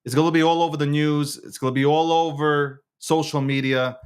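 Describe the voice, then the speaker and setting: A man's voice: a little high, fairly even intonation, a little fast, clean tone. A man hosting his own show, talking in a casual, slangy monologue with lots of stammered restarts. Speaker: show host.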